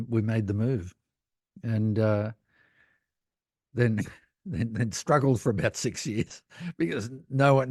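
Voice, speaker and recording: A man's voice: medium pitch, no echo. Older Australian man, dry close mic. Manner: animated anecdotes, acts out voices, laughs often. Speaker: guest, cinematographer. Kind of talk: casual interview storytelling.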